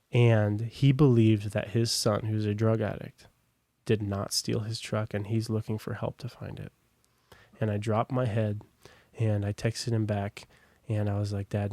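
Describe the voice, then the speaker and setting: A man's voice: fairly low pitch, little pitch movement, measured pace, a little mellow, no room sound. Young man rambling through a story. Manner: rambling, many fillers and asides. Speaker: podcast guest. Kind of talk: casual personal storytelling.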